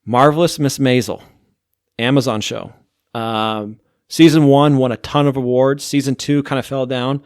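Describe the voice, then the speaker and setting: A man's voice: mid-range voice, steady tone, moderate pace, smooth, no echo, clean studio sound. A man hosting a podcast, chatting casually and rambling through a ranking of TV shows, with lots of "like". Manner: rambling, heavy use of "like". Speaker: podcast host.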